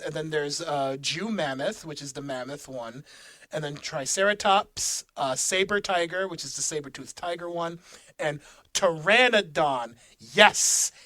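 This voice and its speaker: Pitched fairly high, this male co-host sounds pushed and bright, recorded with no echo. While recapping the plot on a casual podcast, he laughs frequently and peppers his talk with fillers and false starts.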